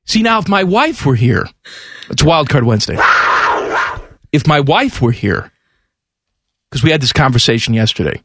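A man hosting a radio show, joking loudly and mocking himself in casual banter. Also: medium pitch, animated, normal speed, pauses often, a little hiss or hum. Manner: loud, joking, self-mocking.

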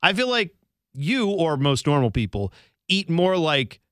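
Male radio co-host, rambling casual chat, lively bright voice, dry close mic. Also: fairly high pitch, unhurried, no echo. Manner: rambling, self-deprecating, animated storyteller.

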